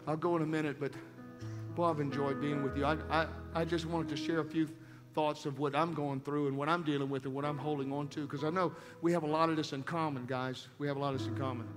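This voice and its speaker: A male guest preacher delivering a sermon with an altar call, swinging from quiet, intimate speech to loud, urgent pleading. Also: a little high, fairly even intonation, fast. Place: church sanctuary. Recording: long hall reverb with music behind.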